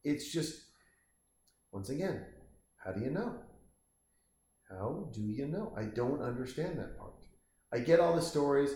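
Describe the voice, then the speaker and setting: A man's voice: medium pitch, expressive, normal speed, long pauses, warm tone, echoey room. A man giving casual, rambling commentary while watching a movie at home, swearing now and then. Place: home, lying on a couch.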